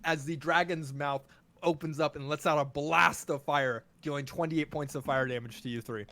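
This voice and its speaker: A man's voice: a little high, fairly even intonation, normal speed, bright, forceful tone. A man running a tabletop game as game master, laid-back and often chuckling as he talks through the rules.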